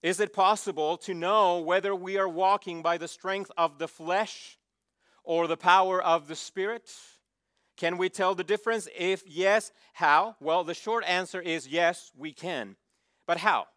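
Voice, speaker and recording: A man's voice: high-pitched, measured pace, a bit bright, no echo, clean studio sound. A man preaching a sermon with emphasis, posing questions for the listeners to answer. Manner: emphatic, asks the congregation to fill in words. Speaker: pastor.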